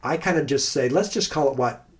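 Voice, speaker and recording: A man hosting a podcast, talking casually and thoughtfully about Christian meditation, pausing and restarting, sometimes reciting phrases slowly. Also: mid-range voice. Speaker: podcast host.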